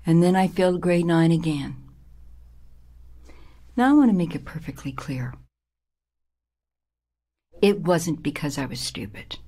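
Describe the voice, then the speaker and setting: Older woman with a husky, hushed voice. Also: low-pitched. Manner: emotional, dramatic, drops to a hushed whisper. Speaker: storyteller. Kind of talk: personal life story told to an audience.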